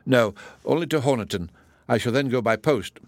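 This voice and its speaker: A man's voice: mid-range voice, lively intonation, moderate pace, dry recording, lightly acted. A man voicing a grave, reserved middle-aged colonel who speaks formally and with restraint. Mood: restrained.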